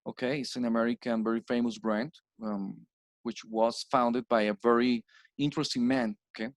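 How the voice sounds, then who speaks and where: A Colombian man whose first language is Spanish, teaching English plurals in a slow recorded slide lesson and repeating each word for drill. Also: mid-range voice, flat delivery, no room sound. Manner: repeats words slowly with stressed drills.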